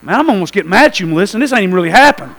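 A man preaching a sermon to a church, telling a story with lively asides and calls to the congregation. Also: high voice, rapid-fire, a little hiss or hum, low-quality recording. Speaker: pastor.

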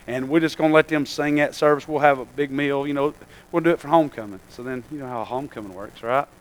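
A man's voice: mid-range voice, fast, rough recording. A middle-aged man preaching and giving church announcements in a folksy, rambling way, often calling out to his congregation. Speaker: pastor.

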